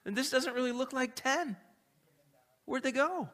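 A man's voice: very high voice, measured pace, fairly bright tone, pitched above the performer's own voice. A man doing a wry, puzzled Jesus. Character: a wry, puzzled Jesus counting his followers.

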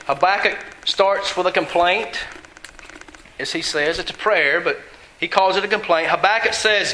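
A man's voice: high-pitched, measured pace, pauses often, pushed and bright, echoey room, rough recording. A man preaching a sermon in an earnest, conversational way, often asking his listeners questions.

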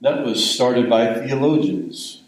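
A man's voice: medium pitch, animated, slow pace, roomy sound, rough recording. An older man giving a sermon in a conversational, rambling storytelling way. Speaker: pastor.

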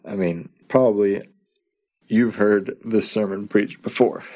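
Low-voiced man preaching a casual sermon. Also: steady tone, slow pace, warm tone. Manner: conversational, repeats words, chuckles to himself. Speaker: pastor.

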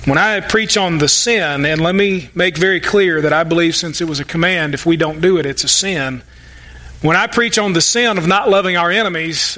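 High, bright-voiced folksy male preacher. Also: moderate pace. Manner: folksy, humorous, emphatic preaching with sarcastic asides. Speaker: pastor. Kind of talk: sermon.

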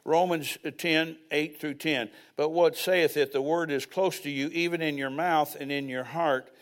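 A man's voice: a little high, steady tone, measured pace. An older man preaching a sermon as pastor, telling personal stories with folksy asides.

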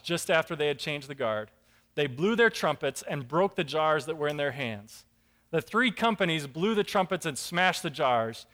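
A man preaching a sermon, telling a Bible story with lively acted-out voices and emphatic rises. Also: fairly high pitch. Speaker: pastor.

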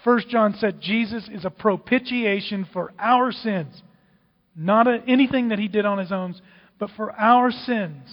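A man preaching a sermon, dramatic, swinging from loud outbursts to hushed whispers. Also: high voice, measured pace. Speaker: pastor. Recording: dull, with long hall reverb.

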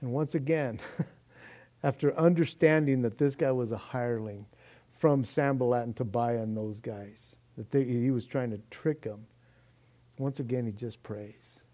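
A male pastor preaching a sermon in a lively, animated way, acting out quoted speech and often saying "man". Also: mid-range voice, unhurried.

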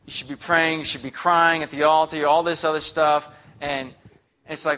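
A man's voice: a little high, little pitch movement, moderate pace, pushed and bright. A young man preaching a sermon in a chatty, upbeat, conversational way, often checking in with the congregation. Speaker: guest preacher.

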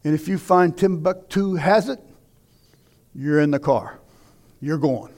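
High-voiced preacher, hushed to shouting. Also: male voice, measured pace. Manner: dramatic, swings from hushed near-whispers to shouting; conversational storytelling with rhetorical questions. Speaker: pastor. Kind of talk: sermon.

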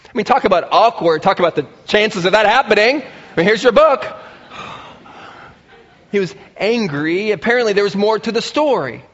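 A man preaching a sermon, lively and expressive, acting out the voices of the people he quotes. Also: high voice, moderate pace. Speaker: pastor. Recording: muffled sound with long reverb in a large hall.

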